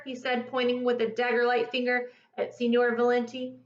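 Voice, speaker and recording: A woman reading a children's picture book aloud in an expressive, lively storytelling manner. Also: on the high side, moderate pace, hardly any pauses. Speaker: storybook reader. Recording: echoey lo-fi room recording.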